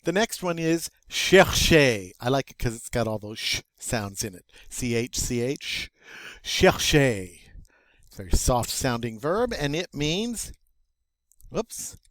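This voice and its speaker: A man teaching French vocabulary as a lesson, slow and playful with little jokes along the way. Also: mid-range voice, big pitch swings, no echo. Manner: slow, playful, jokey asides.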